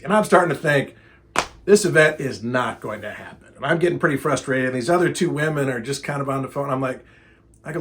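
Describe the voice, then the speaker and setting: A man's voice: medium pitch, fairly quick. A middle-aged man, a speaker and trainer, telling a story casually and acting out both sides of an exasperated argument. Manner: animated, exasperated retelling with quoted dialogue.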